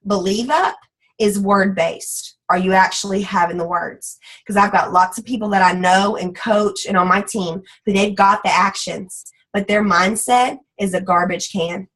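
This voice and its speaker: A woman leading a motivational team call, energetic and folksy, slipping into playful voices for quotes. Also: mid-range voice, moderate pace, poor audio. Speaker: team leader.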